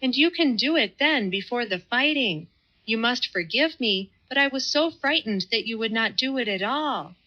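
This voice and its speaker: A woman's voice: medium pitch, lively intonation, moderate pace, natural voice. A woman reading an audiobook, voicing a simple, devout young village woman who talks earnestly and pleadingly. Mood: eager. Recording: slightly muffled audio.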